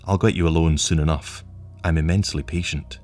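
A cold, patient male agent from the future speaks with calm, wry menace in a very deep voice, as a man puts him on. His delivery is languid and measured, with faint music underneath. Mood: menacing.

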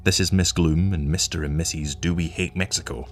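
A man voicing a loud, boisterous, drunk film director with brash, slangy talk. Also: deep voice, steady tone, fairly quick, soft background music, close to an everyday voice. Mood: rowdy.

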